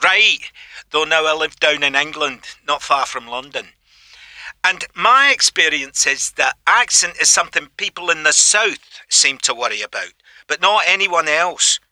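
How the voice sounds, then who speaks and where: A man's voice: on the high side, animated, a little slow, pushed and bright, no echo. A man with a Scottish accent calling in to a radio show, outspoken and opinionated. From Scotland. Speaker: caller.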